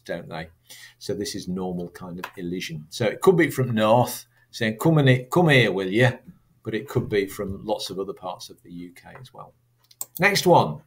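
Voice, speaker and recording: A man's voice: on the low side, slightly rough. A man teaching a recorded lesson, chatty and asking his students rhetorical questions. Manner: chatty, asks rhetorical questions, acts out sample accents.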